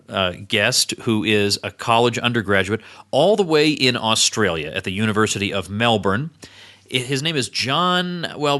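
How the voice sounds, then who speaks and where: Podcast host guy, bright voice, chatty and energetic. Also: on the low side. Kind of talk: casual interview.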